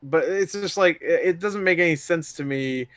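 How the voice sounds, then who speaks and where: On a casual gaming podcast, a male co-host tells stories animatedly, full of sarcastic jokes and heavy swearing. His pitch is fairly high, his pace moderate, and there's no echo.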